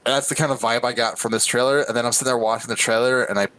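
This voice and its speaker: A man co-hosting a podcast in casual chat, excitable, with stammering restarts and swearing. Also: medium pitch, racing, few pauses, rough recording. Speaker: podcast co-host.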